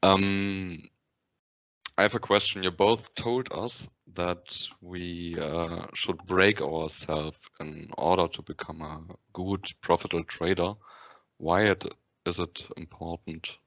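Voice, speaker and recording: A man's voice: low voice, steady tone, slow, fairly bright tone, dry recording. A man asking a question in a hesitant way, restating it when it is not understood. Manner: hesitant, repeats his question. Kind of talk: casual question. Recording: dull lo-fi audio.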